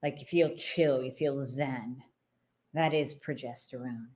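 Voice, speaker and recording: A woman's voice: very deep voice, steady tone, unhurried, a little mellow. A woman doctor hosting a health talk, speaking bluntly and emphatically in a conversational way, with asides and acted-out quotes. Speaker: hormone doctor and host. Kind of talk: direct-to-camera health talk.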